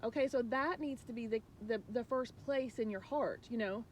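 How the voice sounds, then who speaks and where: A woman's voice: a little high, normal speed, slight background noise. A woman spiritual coach talking casually and earnestly to viewers, rambling with many restarts and sharing emotional, confiding thoughts.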